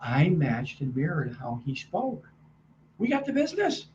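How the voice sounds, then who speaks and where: A man's voice: on the high side, unhurried, muffled recording, a little hiss or hum. A middle-aged man giving a sales training webinar from a hotel room, talking energetically and acting out customer dialogue. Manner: energetic, acts out quoted dialogue.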